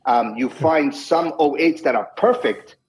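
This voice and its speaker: A man being interviewed who tells animated stories, acts out quoted dialogue and often restarts his sentences. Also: on the high side, unhurried, slight background noise, low-quality recording. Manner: frequent restarts and repeated words. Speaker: guest, doctor and wine importer. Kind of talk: conversational storytelling.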